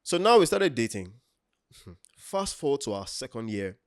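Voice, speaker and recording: A man in his thirties with a Nigerian accent, a podcast co-host telling stories in a lively, laughing way. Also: mid-range voice, measured pace, no room sound, clean studio sound. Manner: animated, laughs often, acts out quotes. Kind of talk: casual storytelling chat.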